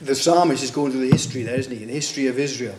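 A man's voice: mid-range voice, rapid-fire, background noise. A man preaching a sermon in a conversational way, asking rhetorical questions and acting out the voices he quotes. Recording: echoey room.

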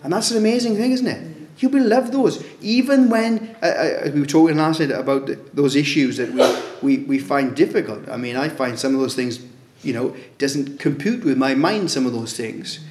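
A man preaching in a roomy church hall with clear reverb around his slightly high voice. He talks through the sermon casually, tossing rhetorical questions at the congregation. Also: lively intonation, moderate pace, few pauses, darkish tone, slight background noise. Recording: echoey room.

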